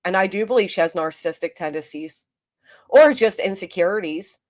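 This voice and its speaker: A woman's voice: lowish voice, animated, fairly quick, a little mellow. A woman hosting a commentary livestream, venting in an exasperated, rambling way with frequent restarts and reading chat aloud. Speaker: commentary channel host.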